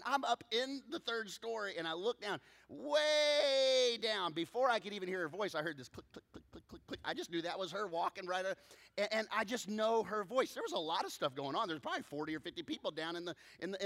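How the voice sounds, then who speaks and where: A man preaching a sermon as pastor, telling stories with lively swings between loud bursts and soft low asides. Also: in a large hall.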